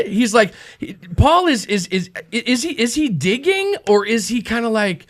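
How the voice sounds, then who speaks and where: A man in casual podcast discussion about a sermon, animated and jokey, restarting his sentences often. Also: very high-pitched, normal speed, hardly any pauses.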